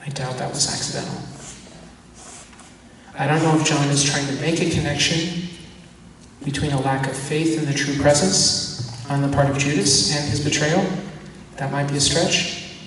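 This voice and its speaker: Priest teaching in an echoey hall. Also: male voice, a little high, normal speed, pauses often, slight background noise. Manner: animated storyteller acting out voices of disciples. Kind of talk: teaching talk at a parish. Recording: echoey church hall from far off.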